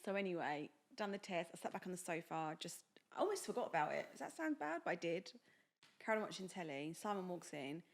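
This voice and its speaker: A young woman co-hosting a podcast talks fast in a fairly low voice. She's chatty and animated, telling a personal story and acting out the voices of the people in it.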